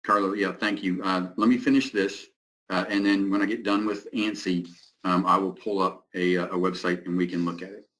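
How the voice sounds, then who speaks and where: Man, low voice, technical presenter, halting speech, lots of fillers. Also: steady tone, fairly bright tone, rough recording. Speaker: product representative presenting.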